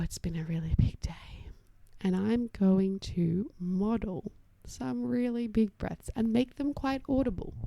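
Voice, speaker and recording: A young adult woman hosting a solo podcast as an occupational therapist, chatty and reassuring, often dropping to a soft whisper as she explains parenting strategies. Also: a little high, gravelly, no room sound.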